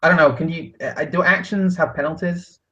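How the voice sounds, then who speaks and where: A man's voice: a little high, brisk, fairly bright tone, muffled recording. A man playing a tabletop game, talking in a hesitant, casual way. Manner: hesitant, full of ums and restarts. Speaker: player.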